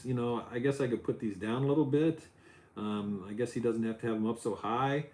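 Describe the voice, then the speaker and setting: A middle-aged man hosting a casual Lego building livestream, loose and chatty, his voice jumping up when he gets excited. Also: mid-range voice, a little fast. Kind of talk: casual chat while building. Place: home office.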